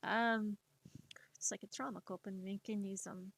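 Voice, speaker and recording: A woman's voice: mid-range voice, fairly even intonation, unhurried, vocal fry, a bit bright. A young woman with a Spanish accent, chatting casually on a stream while she draws, rambling and poking fun at herself. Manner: rambling, self-deprecating, laughs often.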